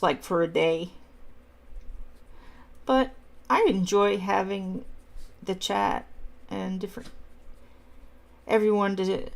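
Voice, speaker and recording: Coloring on a casual livestream, this middle-aged host chats away and responds to comments from viewers. She has a mid-range voice with noticeable vocal fry.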